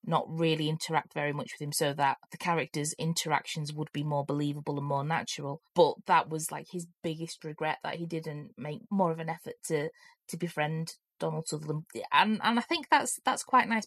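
A woman co-hosting a chat show, chatty and self-deprecating, with a low-pitched voice. The sound is dry and close to the mic, with no room around it. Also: steady tone, a little fast, no room sound. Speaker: podcast co-host. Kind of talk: casual chat.

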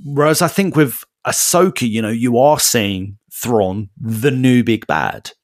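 Man, podcast co-host, casual enthusiastic chat, mid pitch, dry close mic. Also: expressive, measured pace, dry recording. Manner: rambling, enthusiastic, with frequent restarts.

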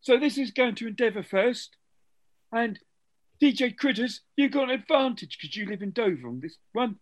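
A woman's voice: a little high, lively intonation, moderate pace, no echo. A woman hosting a casual quiz and ribbing the players with bawdy jokes. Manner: teasing, bawdy, laughing quizmaster. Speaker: quiz host. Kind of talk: casual podcast quiz banter.

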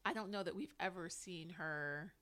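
A woman's voice: lowish voice, moderate pace, fairly bright tone. Woman co-hosting a recap podcast, chatty, says like a lot, quotes people in funny voices. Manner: chatty, lots of "like" fillers, quoting people in put-on voices. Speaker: podcast co-host. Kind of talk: casual recap chat.

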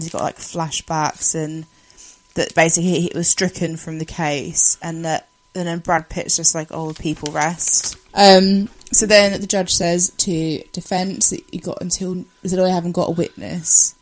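A woman's voice: on the low side, fairly even intonation, moderate pace. A woman casually talking through a film, reacting with exclamations and groans. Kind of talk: casual film recap chat.

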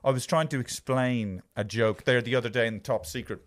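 A man's voice: medium pitch, fairly even intonation, brisk. A man in his fifties hosting a podcast in a studio, rambling through stories with a lot of swearing and self-mockery. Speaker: podcast host. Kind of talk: casual podcast chat.

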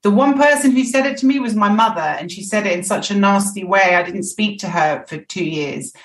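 Woman guest on a podcast, open and thoughtful, kinda roomy echo, middle pitch. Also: fairly quick. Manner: candid, reflective. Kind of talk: casual podcast conversation.

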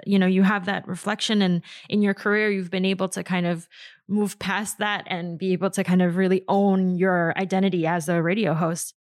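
A woman's voice: mid-range voice, no echo. Woman podcast host, dry close recording, thoughtful, affirming, casual fillers. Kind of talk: casual interview conversation.

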